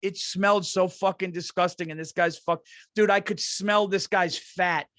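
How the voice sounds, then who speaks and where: A man's voice: high-pitched, fairly even intonation, normal speed, a bit bright, no room sound, clean studio sound. A man, a comedian co-hosting a podcast, telling rambling profane stories in casual chat, saying dude constantly. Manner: rambling, profane, says dude a lot, restarts.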